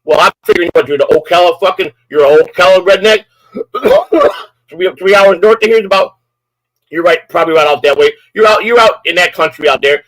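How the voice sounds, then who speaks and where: Older male streamer, furious profane rant, fairly high voice, dry close mic. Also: brisk, a bit bright, no echo, poor audio. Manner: profane, threatening, repetitive. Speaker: live-stream host. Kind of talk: angry live-stream rant.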